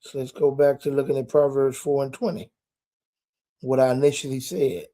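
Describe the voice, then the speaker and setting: A man's voice: mid-range voice, little pitch movement, moderate pace, warm tone. A man preaching live from a hotel room, stretching key words for emphasis and dropping folksy asides. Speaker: preacher and podcast host. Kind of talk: live-streamed sermon. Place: hotel room while traveling.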